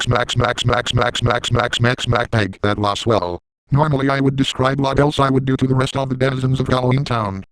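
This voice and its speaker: A man's voice: mid-range voice, clean tone, no echo, close to an everyday voice, low-quality recording. A man doing a gleeful scheming villain. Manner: boastful and gleeful. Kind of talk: first-person comic monologue.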